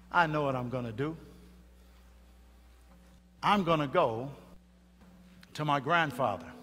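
A man voicing a mischievous little boy in a sermon story, high-pitched and breathlessly excited. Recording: reverberant hall with faint music.

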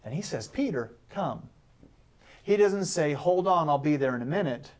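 A man giving a short, animated sermon as a guest, acting out the voices in the story with humor. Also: a little high, moderate pace. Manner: animated, acts out Bible voices and jokes. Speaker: guest pastor. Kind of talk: short sermon on a talk show.

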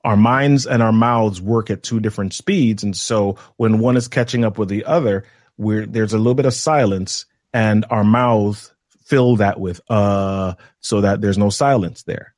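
A man guesting on a podcast as a communication trainer, explaining things in a measured way with deliberate pauses. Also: on the low side, darkish tone, no echo, clean studio sound. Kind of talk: instructive podcast conversation.

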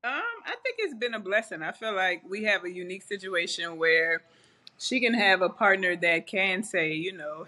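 A woman in an interview talks calmly and matter-of-factly, in a reassuring way. Her voice sits at a middle pitch with a bright, forceful edge. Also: normal speed. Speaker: interview guest. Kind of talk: casual chat.

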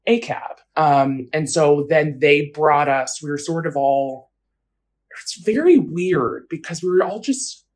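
A woman telling her own story in an interview, casual and blunt, with frequent fillers. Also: deep voice. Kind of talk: personal account in an interview.

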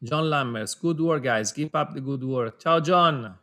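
A man's voice: mid-range voice, pushed and bright. Man reading viewer greetings on a webinar. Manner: reads out names and greetings, drifting between languages, quick to laugh. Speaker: webinar co-host for an audio brand.

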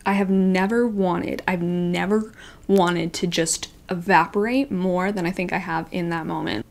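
A woman in her twenties, a book vlogger, telling a story to camera in a casual, animated, self-deprecating way, with frequent "like"s. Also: lowish voice, moderate pace, gravelly.

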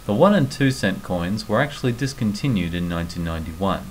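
Aussie guy doing a chatty explainer vlog, lowish voice, bouncy intonation. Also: expressive, fairly quick, a little hiss or hum, poor audio. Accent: Australian. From Australia. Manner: friendly, instructive, enthusiastic. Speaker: vlogger. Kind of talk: explanatory narration.

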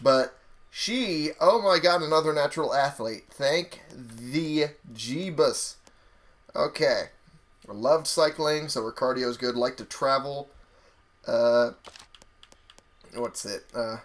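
A man's voice: medium pitch, fairly bright tone. Brief: young male let's-player, loose chatty commentary, curses a lot, faint game music behind. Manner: chatty, swears freely, talks to viewers. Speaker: gaming YouTuber. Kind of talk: casual gameplay commentary.

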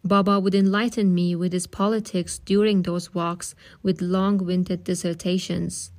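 Calm woman reading a novel aloud. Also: fairly low pitch, a little slow. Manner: calm, steady. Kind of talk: audiobook-style reading.

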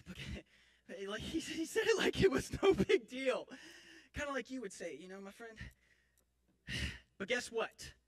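Man playing a rambling comic goofball, lively and bright. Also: sits high, a little slow, pauses often, exaggerated voice. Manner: rambling, self-mocking, theatrical outbursts. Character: clumsy boastful young man, injured, comic. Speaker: actor in a church Christmas skit. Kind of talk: comic stage monologue. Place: church stage. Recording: live church audience.

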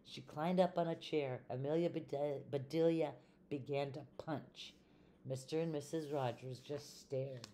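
An older woman, a retired teacher, reading a children's storybook aloud in a gentle, expressive way. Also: sits low, a little slow, slight background noise.

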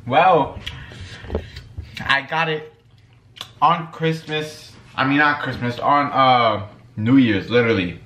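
A young man talks loosely in a bright, forward voice, full of slang and filler, while he eats at home. The room is echoey, and a faint hum sits behind him. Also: mid-range voice, slow pace, pauses often. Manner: laid-back slangy talk, full of "you know what I'm saying". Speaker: vlogger and musician. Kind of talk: casual mukbang chat while eating.

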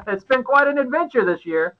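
A man hosting a live-stream trucking show, chatting with guests and pitching a contest in upbeat, folksy promotional patter. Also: lively intonation, normal speed, muffled recording. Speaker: host.

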